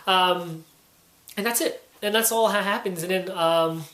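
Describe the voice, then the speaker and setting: A woman talks through a comic book review in a loose, rambling way, her speech full of "you know" and "um". Her voice sits a little low, and it rings in a roomy, echoey space. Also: a little slow, a bit bright. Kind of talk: casual spoken review.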